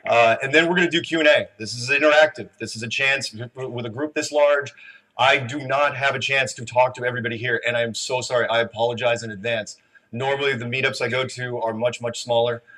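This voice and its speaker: Guy talking to a huge conference crowd, bright edgy voice, rambly and emotional. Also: mid-range voice, fairly even intonation, a little fast. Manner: chatty, emotional, with stumbling restarts and laughs. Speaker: conference speaker taking audience questions. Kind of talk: live talk to a large audience. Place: large conference room.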